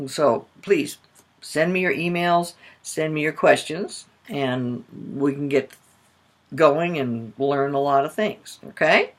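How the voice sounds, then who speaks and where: An older woman coaching mothers, telling a personal story in an expressive way and acting out the voices in it. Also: low-pitched, slow pace. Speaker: parenting coach.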